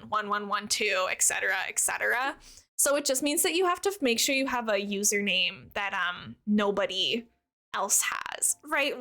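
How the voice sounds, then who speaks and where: A woman's voice: mid-range voice, bright, forceful tone. A young woman in her twenties chatting casually on a live stream, bubbly and chatty as she plays and answers her chat.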